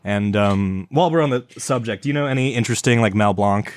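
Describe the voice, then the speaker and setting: A man's voice: on the low side, quick pace, smooth. Rambling, stammering young man on a podcast. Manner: rambling, stammering, swears often. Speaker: podcast co-host. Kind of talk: casual chat.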